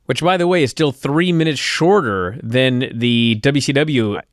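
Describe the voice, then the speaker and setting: A man co-hosting a podcast, recapping with animated, exasperated rants and swearing. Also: mid-range voice, moderate pace, no room sound, studio quality. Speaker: podcast co-host. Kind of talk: casual recap chat.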